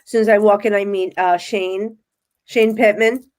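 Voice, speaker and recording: A woman's voice: medium pitch, moderate pace. A woman, a guest medium telling her experiences in a casual podcast interview, acting out what people said. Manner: animated storyteller, acts out her own quotes.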